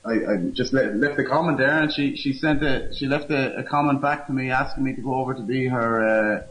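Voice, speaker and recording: A man, a guest speaking casually and haltingly with many fillers. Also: mid-range voice, fairly bright tone, poor audio. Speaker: guest campaigner. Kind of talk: casual phone interview.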